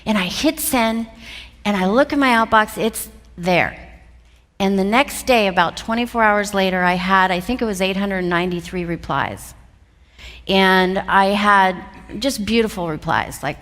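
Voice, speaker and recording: Woman speaker, mid-range voice, lively storyteller, hall reverb. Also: medium pitch, moderate pace. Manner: lively storytelling, acts out voices, laughs often. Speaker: speaker telling her career story. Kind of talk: personal story told to an audience.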